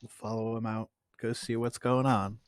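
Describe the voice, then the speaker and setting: A man playing in a tabletop game, relaxed and offhand. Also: lowish voice, moderate pace, no room sound, studio quality. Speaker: player. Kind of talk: casual tabletop game play.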